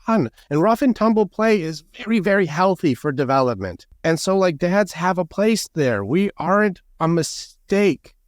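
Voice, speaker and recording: A man coaching on masculinity in a podcast conversation, animated and blunt, acting out quoted voices. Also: high-pitched, moderate pace, few pauses, dry recording, studio quality. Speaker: guest, men's coach.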